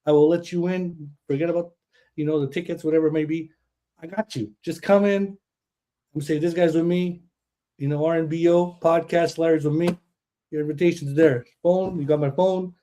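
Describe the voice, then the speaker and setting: A man hosting a podcast in an excitable, boastful way, swearing freely. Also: fairly high pitch, brisk. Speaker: podcast host. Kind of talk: hyped casual chat.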